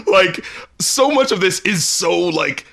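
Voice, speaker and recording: Guy cohosting a music podcast, high bright voice, jumps all over in pitch, laughs and swears a lot. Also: takes it slowly, gravelly. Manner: animated, laughing often, swearing, acts out quotes. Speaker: podcast co-host. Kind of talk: casual album review chat.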